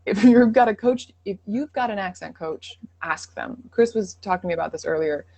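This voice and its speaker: A woman's voice: medium pitch, brisk, darkish tone, no echo. Female guest coach on a live Q&A; affirming, explains through analogies; dry, close recording. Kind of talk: live online Q&A.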